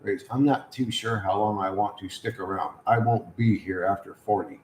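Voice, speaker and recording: A man's voice: fairly low pitch, moderate pace, reverberant, slight background noise, rough recording. A man hosting a casual livestream, reading chat and answering in a crude, sardonic, rambling way.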